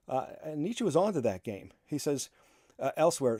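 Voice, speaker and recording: A man's voice: mid-range voice, animated, a little fast, mellow, dry recording, clean studio sound. A man giving a philosophy class lecture, talking casually, acting out quotes in other voices and chuckling often.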